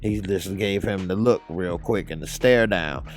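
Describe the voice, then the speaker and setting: A man giving a casual, slangy TV episode recap, animated as he retells scenes. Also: low voice, unhurried, soft background music. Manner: animated, slangy, acts out characters. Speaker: TV recap reviewer.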